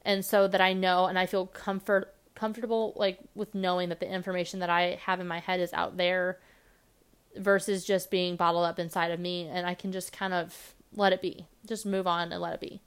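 A young woman hosting her own podcast, talking fast and rambling casually with lots of fillers. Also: fairly low pitch, level tone, smooth. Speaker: podcast host. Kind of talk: casual solo podcast monologue.

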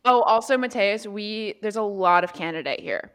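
A woman's voice: medium pitch, normal speed, a bit bright, smooth. A woman playing a tabletop game, joking and describing what her character does. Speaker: player. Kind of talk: casual tabletop play.

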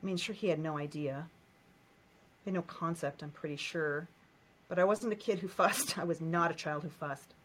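A woman's voice: sits low, normal speed, fairly bright tone. A woman from the United States, a guest telling a painful childhood memory in short, repeated, emotional phrases. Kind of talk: personal storytelling in a coaching session.

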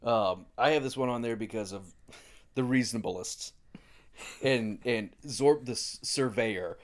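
A man's voice: mid-range voice, unhurried. A man co-hosting a casual podcast, recounting funny scenes at an easy pace with frequent laughs. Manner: relaxed storytelling with frequent laughs and quoted lines. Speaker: podcast co-host. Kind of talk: casual chat.

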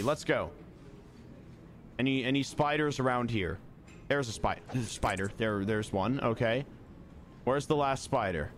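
A man's voice: mid-range voice, lively intonation, measured pace, a little hiss or hum. A young man streaming a video game, chatty and muttering to himself as he plays. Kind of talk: casual gaming commentary.

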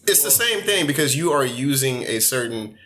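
A man's voice: medium pitch, animated, moderate pace, bright, forceful tone. A man hosting a casual podcast chat, steering topics in a loose, chatty way.

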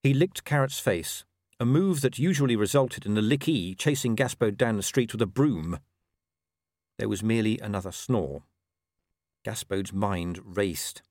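Expressive man narrating an audiobook. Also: medium pitch, no echo, clean studio sound. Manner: expressive, wry storytelling. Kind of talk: scripted narration.

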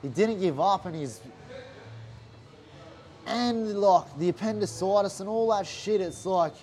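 An Australian man retells his story in a loose, animated way, scattering "like" and swear words. His voice sits a little high for a man. Faint noise runs underneath. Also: measured pace. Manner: animated, swears often, heavy use of "like". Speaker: interview guest, fighter. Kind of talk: casual storytelling chat.

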